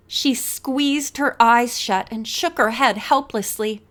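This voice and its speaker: A woman narrating an audiobook with a measured, expressive reading. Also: a little high.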